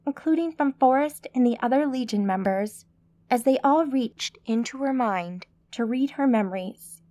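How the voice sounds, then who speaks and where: A woman narrating an urban fantasy audiobook in a steady, measured way. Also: fairly high pitch.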